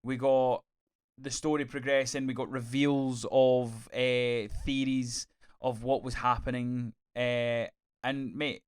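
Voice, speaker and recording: A man co-hosting a podcast, chatting in a gushing, sweary, animated way. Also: medium pitch, takes it slowly, clear, resonant tone. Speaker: podcast co-host. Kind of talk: casual review chat.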